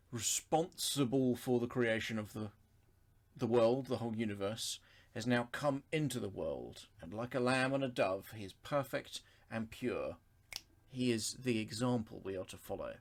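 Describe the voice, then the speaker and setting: A man teaching a Bible study, reading scripture aloud and explaining it verse by verse in a thoughtful, unhurried way with pauses and self-corrections. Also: mid-range voice.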